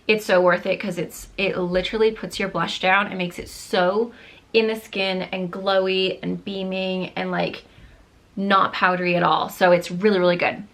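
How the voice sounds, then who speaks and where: A woman's voice: on the low side, flat delivery, normal speed, fairly bright tone. A young adult woman chatting casually in a makeup review vlog, gushing and filling her talk with "like" and "um", her voice a little worn as she says she is losing it. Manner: chatty, gushing, many fillers like "like" and "um". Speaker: beauty vlogger.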